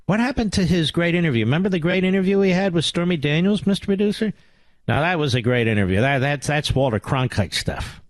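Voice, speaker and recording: A middle-aged man hosting a talk radio show, ranting with sarcasm and swinging between loud outbursts and low mutters. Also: animated, fast, no room sound. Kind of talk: angry talk radio monologue.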